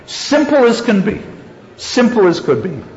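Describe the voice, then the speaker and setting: A man's voice: high voice, sing-song, a little slow, gravelly, a little mellow. A man lecturing on a story he reads aloud, chuckling often and repeating phrases for emphasis, in an echoey, dull-sounding hall recording.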